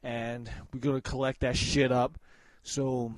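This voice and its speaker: A man giving casual, profane hype shout-outs in a swaggering way, breaking into loud shouted names. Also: mid-range voice, flat delivery, a little slow, no room sound, rough recording.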